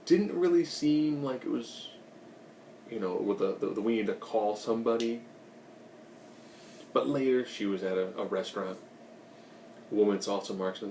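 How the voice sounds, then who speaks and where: A man's voice: lowish voice, moderate pace, long pauses, warm tone, echoey room, far from the mic, a little hiss or hum. A man giving a casual, rambling recap of a TV episode, with joking asides. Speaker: recap host.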